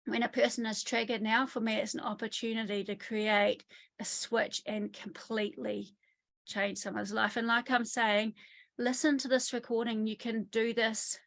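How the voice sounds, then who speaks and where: A woman working as a trauma therapist, speaking in an online interview from her country home over a video call, telling lively stories and acting out what people said. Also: a little high, moderate pace, gravelly. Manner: lively storytelling, often acts out quotes.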